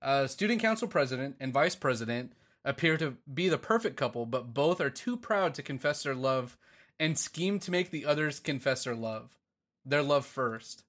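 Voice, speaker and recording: A man's voice: mid-range voice, expressive, normal speed, a bit bright. Casual rambling man chatting. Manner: rambling, swearing, laughing often. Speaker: podcast co-host. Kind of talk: casual chat.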